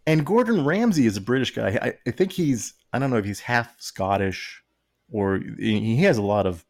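A podcast co-host with a medium-pitched, darkish voice chats animatedly at a moderate pace, joking, rambling, and laughing often. He reads can labels aloud with mock seriousness.

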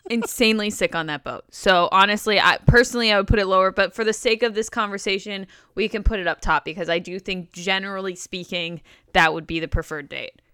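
A young woman co-hosts a casual reality-TV podcast, dishing blunt, profanity-laced opinions. Her voice is bright and smooth, recorded close on a dry mic. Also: mid-range voice, brisk, few pauses, no echo. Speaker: podcast co-host.

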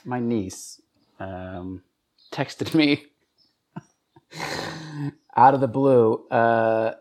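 A man co-hosting a casual podcast conversation. His voice sits at an ordinary middle pitch. He teases in a dry way and often pauses on fillers. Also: a little mellow. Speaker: podcast co-host. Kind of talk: casual chat.

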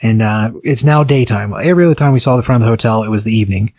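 Husky man casually recapping a story. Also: lowish voice, racing, darkish tone, no echo. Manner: rambling, filler-heavy retelling.

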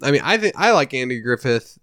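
A man's voice: medium pitch, sing-song, a little fast, a bit bright, dry recording, clean studio sound, soft background music. A man co-hosting a podcast, chatting casually and hesitantly about sitcom rankings. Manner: hesitant, restarts while ranking shows. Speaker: podcast co-host. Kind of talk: casual chat.

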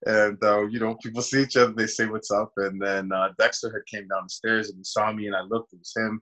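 A man's voice: lowish voice, flat delivery, fairly quick, sharp tone, poor audio. A man, an actor, casually telling a long personal story in an interview and acting out the voices of people he quotes. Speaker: actor guest.

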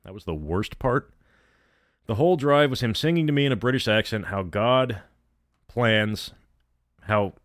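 Male story reader, lowish voice, blunt and sarcastic in his asides, dead-dry sound. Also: no room sound. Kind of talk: reading a story aloud with commentary.

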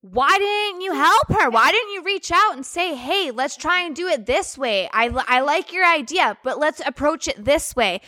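A woman co-hosting a podcast, her voice high and bright. She fires off indignant rhetorical questions in a casual way. The sound is close and dry. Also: animated, moderate pace, few pauses, dry recording. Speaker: podcast co-host. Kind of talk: casual chat.

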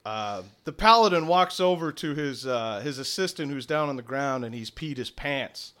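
A young man narrating a tabletop game as game master, with filler pauses. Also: mid-range voice, animated, fairly bright tone.

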